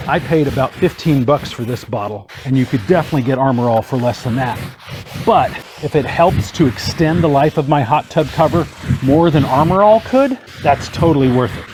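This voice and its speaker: A man's voice: on the high side, darkish tone, a little hiss or hum. A man hosting a casual how-to tutorial, chatty and folksy, with joking asides. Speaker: hot tub channel host.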